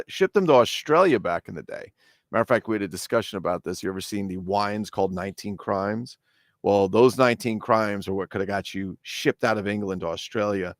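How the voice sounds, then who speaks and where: A man hosting a casual toy unboxing vlog, talking in a rambling, chatty way with excitable asides. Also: fairly low pitch, no echo, studio quality. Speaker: collectibles unboxing host. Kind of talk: casual chat.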